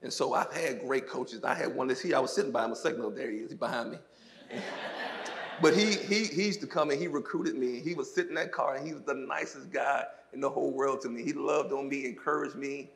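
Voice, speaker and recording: Gravelly, lively former athlete telling stories. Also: male voice, medium pitch, a little fast. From South Mississippi. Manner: animated storyteller, laughs often. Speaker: former football player, guest. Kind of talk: onstage interview testimony. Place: church stage. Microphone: handheld microphone.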